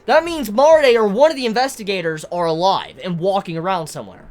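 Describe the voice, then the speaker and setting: A woman giving casual, excited commentary on a manga chapter, swearing often and tripping over her words. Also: mid-range voice, fairly quick. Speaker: manga reviewer.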